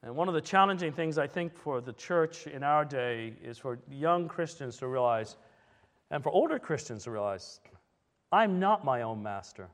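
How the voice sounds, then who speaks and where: A man with a high voice preaches a sermon, telling history in a loose, conversational way with digressions and self-corrections. A long reverb hangs behind him as in a large hall. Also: animated, normal speed.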